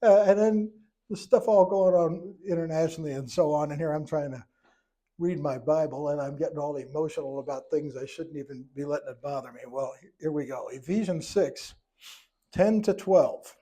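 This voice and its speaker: A man's voice: fairly high pitch, moderate pace, warm tone. A middle-aged man teaching a church Bible study lesson, folksy, with chuckling asides and restarts.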